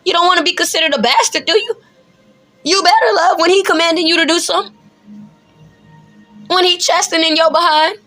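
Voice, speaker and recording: A woman teaches scripture in an emphatic, preacherly way. Her voice sits high and sounds bright and forceful. She talks colloquially and laughs often between points. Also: brisk, long pauses, soft background music. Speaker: bible teacher.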